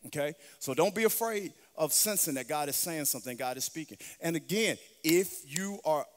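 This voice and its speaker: High-voiced male pastor preaching in a hall. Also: expressive, moderate pace. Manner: swings from chanted, shouted preaching to quiet, intimate teaching. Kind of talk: sermon. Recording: long reverb of a large hall.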